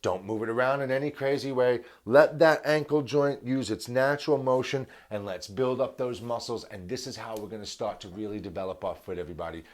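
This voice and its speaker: Guy teaching drums on video, middle-pitched voice, repeats stuff for emphasis, counts out the beats. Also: a little mellow. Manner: emphatic, repeats key words. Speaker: drum teacher. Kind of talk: video lesson.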